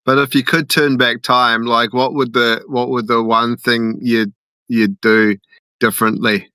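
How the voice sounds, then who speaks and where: A man's voice: medium pitch, flat delivery, unhurried, sharp tone, clear, resonant tone, no room sound. A man hosting a loose, rambling group call chat, laughing often.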